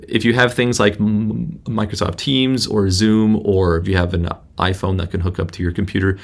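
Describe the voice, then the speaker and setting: Male instructor, deep fry in the voice, halting tutorial delivery, laptop mic. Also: little pitch movement. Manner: casual, halting, many restarts. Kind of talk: screen-recorded software tutorial. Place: indoor room at a laptop. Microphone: laptop built-in microphone.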